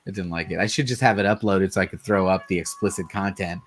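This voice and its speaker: A man's voice: sits low, fairly even intonation, fast. A man in his forties hosting a late-night livestream, chatting casually, laughing often and swearing freely. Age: 40s. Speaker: livestream host.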